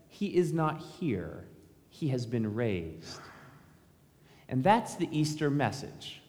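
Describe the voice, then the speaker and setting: Preaching as pastor, a man addresses his congregation conversationally and with rhetorical questions. His voice is a little high and a little mellow, recorded in a church sanctuary full of long reverb.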